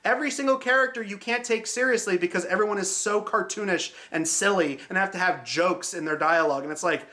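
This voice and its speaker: Guy reviewing a movie, snarky and sweary, kinda bright edgy voice. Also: high voice, fast talker. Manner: sarcastic, swears freely, mocking. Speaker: film reviewer, host. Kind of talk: casual spoken review.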